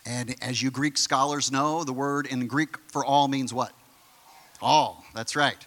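A man's voice: medium pitch, fairly even intonation, a little slow, fairly bright tone. A man pastor preaching a conversational sermon, full of fillers and questions to the congregation.

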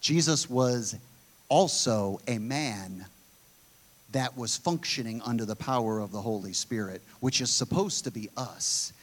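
A man's voice: medium pitch, a little slow. A man preaching a conversational sermon in an earnest way, often restarting his sentences as he thinks aloud.

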